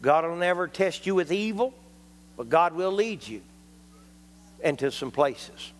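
Folksy high-voiced preacher. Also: male voice, expressive, a little slow, long reverb tail. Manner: folksy, jokey, punctuated with amens. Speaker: traveling preacher. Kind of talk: sermon. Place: church.

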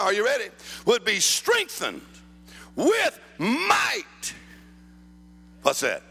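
High, lively, gravelly preacher man. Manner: shouting, sing-song preaching with laughter and joke-telling. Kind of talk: sermon.

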